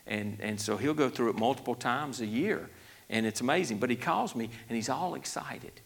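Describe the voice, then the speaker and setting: Male pastor, mid-pitched, folksy sermon delivery with restarts and rising emphasis. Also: lively intonation, moderate pace, vocal fry, breathy edge. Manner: folksy, conversational, many restarts, grows emphatic. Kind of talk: sermon Bible study.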